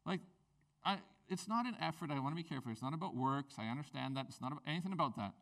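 A man preaching a sermon as a pastor, in a conversational, animated way with playful asides. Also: fairly high pitch, racing, distant mic.

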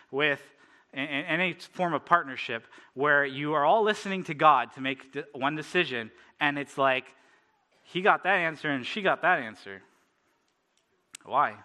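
A man's voice: fairly high pitch, bright, forceful tone. A man from Canada preaching a sermon, telling personal stories in a casual way with many fillers and frequent laughter.

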